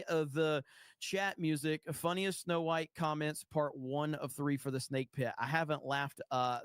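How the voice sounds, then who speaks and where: A man's voice: on the high side, fairly bright tone, clean tone, no room sound, clean studio sound. A man hosting a casual livestream, rambling and swearing freely as he reads chat messages aloud and tells stories. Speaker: streamer.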